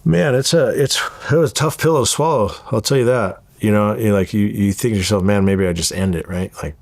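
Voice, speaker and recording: Deep-voiced man telling a story. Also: fairly quick, vocal fry, no echo. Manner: animated storyteller acting out quoted dialogue. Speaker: interview guest. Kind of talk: storytelling interview.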